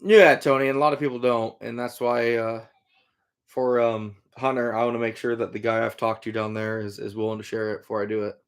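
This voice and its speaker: A man's voice: mid-range voice, flat delivery, a little fast, smooth. A middle-aged man from Iowa hosting a casual livestream, answering viewer comments in an easygoing, rambling way with lots of fillers. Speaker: livestream host, trapper and hunter.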